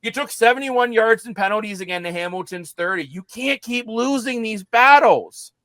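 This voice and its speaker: High-pitched guy ranting about football, dry close sound, fired up and fed up. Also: moderate pace, a bit bright, no echo. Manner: ranting, emphatic, frustrated. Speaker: sports talk show co-host. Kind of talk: heated sports talk.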